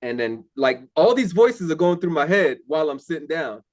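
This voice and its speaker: A young man speaking candidly in a relaxed conversation. He tells his faith story plainly and earnestly, with plenty of ums and restarts. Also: on the high side, moderate pace. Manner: candid, earnest, many fillers. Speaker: interview guest. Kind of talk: casual testimony.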